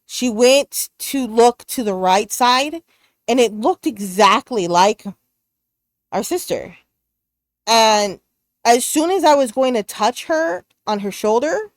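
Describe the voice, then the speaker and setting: A woman co-hosting a podcast, telling a personal ghost story in casual chat. She is animated and excitable, and uses many fillers and restarts. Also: a little high, no room sound. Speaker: podcast co-host.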